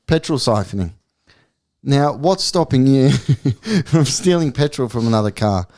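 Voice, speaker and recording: A man's voice: medium pitch, expressive, measured pace, a little mellow. A man with an Australian accent, joking around in casual podcast banter and using "mate" in nearly every line. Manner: laddish, peppers talk with "mate". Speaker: podcast co-host.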